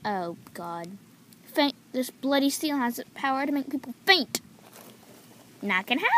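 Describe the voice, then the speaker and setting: A woman performs every character in a homemade toy-figure story herself, jumping between playful voices. She is giggly and excitable, her fairly high voice swooping up and down, and she speaks at a slow, unhurried pace. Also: a little hiss or hum. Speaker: toy video creator voicing all figures.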